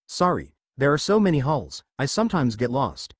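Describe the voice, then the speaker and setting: Storybook princess, upbeat and friendly, swinging pitch; a male narrator reads her. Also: big pitch swings, normal speed, no echo, studio quality. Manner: bright, friendly. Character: cheerful alien princess, young woman.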